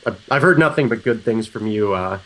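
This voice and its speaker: A man co-hosting a casual podcast while recovering from a cold, relaxed and wry, speaking into a sensitive microphone. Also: lowish voice, brisk. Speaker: podcast co-host.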